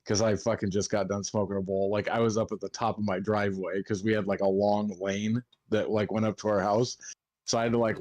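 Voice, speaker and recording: A man's voice: fairly low pitch, darkish tone, dry recording. Swearing, rambling young man telling stories. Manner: rambling, heavy swearing, acts out quotes. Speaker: podcast co-host. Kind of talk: casual storytelling chat.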